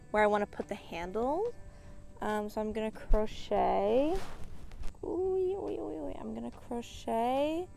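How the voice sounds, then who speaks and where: A woman's voice: a little high, vocal fry, darkish tone. A young woman chatting casually in a crafting vlog, bubbly and gushing, sometimes counting stitches under her breath. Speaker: crafting vlogger.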